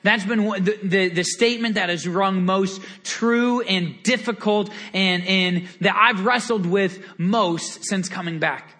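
A man preaching a sermon in an earnest, animated storytelling way, often repeating words as he goes. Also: sits high, unhurried, few pauses. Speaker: pastor.

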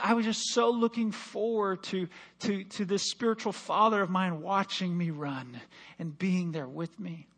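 A man preaching a sermon in church, telling a personal story with passion and dropping from loud to hushed. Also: sits high. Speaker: pastor.

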